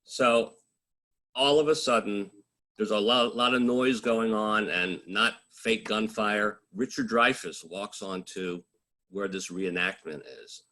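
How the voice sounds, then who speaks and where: A man's voice: lowish voice, takes it slowly, sharp tone. A man, a journalist, telling funny stories from his reporting career in a casual, wry way, full of fillers and restarts. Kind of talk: casual storytelling talk.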